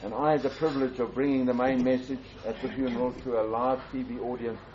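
An older man earnestly tells a personal story as a pastor, repeating and restarting phrases and rising in pitch for emphasis. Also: little pitch movement, fast talker. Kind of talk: storytelling testimony. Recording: dull, slightly muffled with faint background hiss.

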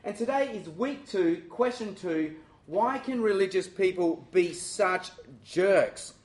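A high-voiced Australian man giving a sermon. He talks in a lively, self-mocking and direct way as he leads his listeners through the questions. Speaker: preacher.

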